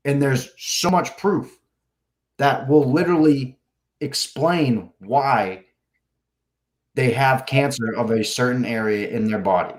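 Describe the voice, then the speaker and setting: A man appearing as a guest on a podcast takes his time, his voice medium in pitch. His casual story rambles, packed with curse words and repeated "like," and he acts out what people said.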